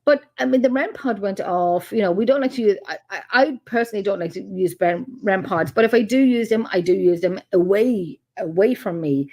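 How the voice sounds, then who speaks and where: A middle-aged woman with an Irish accent, a paranormal researcher telling stories in a casual interview chat, animated and quick to laugh. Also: mid-range voice. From Ireland. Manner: animated storyteller, laughs often, acts out quotes.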